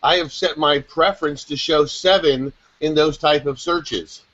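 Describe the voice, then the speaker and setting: A man in a casual group video chat, explaining things in rapid, excitable rambles. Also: a little high. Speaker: SEO chat panelist. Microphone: video call. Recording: dull lo-fi call audio.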